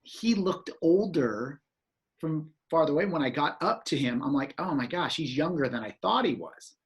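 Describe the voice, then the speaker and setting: A man telling a story in casual chat, animated and acting out reactions with exclamations. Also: a little high, normal speed.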